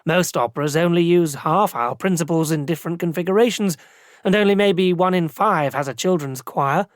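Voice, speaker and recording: A narrator voicing an excitable male opera director who talks brashly and shouts. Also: fairly high pitch, normal speed, dry recording, studio quality, lightly acted. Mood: brisk.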